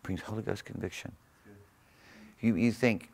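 A man with a low, gravelly voice preaches to a church congregation. He drives his points home with sudden loud surges and easy chuckles. His words carry the conviction of a seasoned pastor at the pulpit. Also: normal speed, a little hiss or hum. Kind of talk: sermon. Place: church sanctuary.

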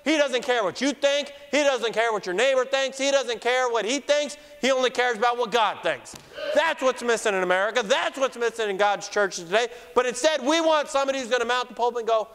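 A man preaching a fiery sermon in church, mocking opponents and shouting for emphasis. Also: extremely high pitch, brisk, smooth. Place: church sanctuary. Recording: long church hall reverb.

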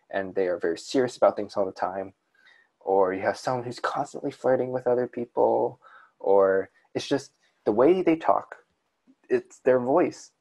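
A man's voice: lowish voice, darkish tone. A man from the American South co-hosting a podcast on fiction writing, talking casually and rambling with frequent restarts. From southern United States. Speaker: podcast co-host.

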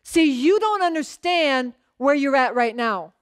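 A woman's voice: expressive, unhurried, dry recording, studio quality. A woman pastor preaching a sermon in a conversational storytelling way, often checking in with the congregation and acting out bits of dialogue. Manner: acts out short bits of dialogue in a lowered voice.

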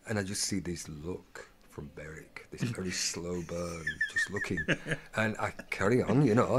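Male actor guest, deep-ish voice, lively stop-start storytelling, faint noise behind. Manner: animated, halting with many restarts, acts out voices in quotes. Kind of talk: anecdotal storytelling in an interview.

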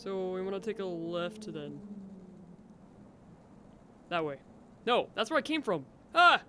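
High-voiced jumpy gaming commentator man. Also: sing-song, unhurried, pushed and bright. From United States. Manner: jumpy, talks to himself, exclaims and laughs often. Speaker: gameplay commentator. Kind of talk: let's play commentary.

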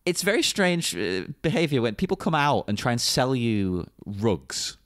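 An English man in a relaxed podcast conversation, his pitch swinging up and down as he jokes. He laughs easily between points. The sound is close and dry. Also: moderate pace, no echo. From England. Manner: animated, laughs often, jokey asides. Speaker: podcast co-host. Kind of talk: casual chat.

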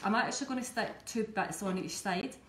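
A woman's voice: medium pitch, brisk, a bit bright, a little hiss or hum. A woman with a Scottish accent, chatting her way step by step through a live cake-decorating demonstration. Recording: echoey room, faint background ambience.

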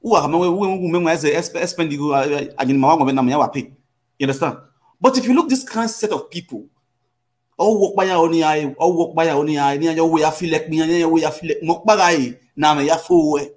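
Lecturing Nigerian man, higher voice. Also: brisk, a little mellow. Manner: lecturing, repeats "you understand?". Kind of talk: casual Nigerian Pidgin live chat.

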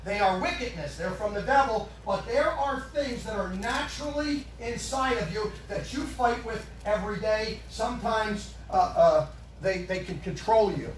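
A male pastor preaching a sermon, emphatic and questioning his congregation, at times rising to a shout. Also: sits high, lively intonation, moderate pace, a little hiss or hum. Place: church sanctuary. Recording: echoey room, far from the mic.

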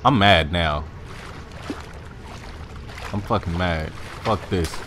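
A young man playing a horror game, swearing, talking to the character he controls and yelling high when scared. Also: slow pace, noisy background. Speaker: gamer. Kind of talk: horror game let's play commentary.

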